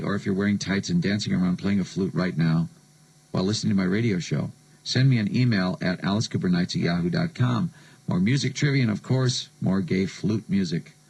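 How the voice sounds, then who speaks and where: Gravelly low-voiced american guy doing late night radio, dry jokey storytelling. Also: a little mellow, poor audio. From United States. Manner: sardonic, joking storyteller. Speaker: radio DJ host.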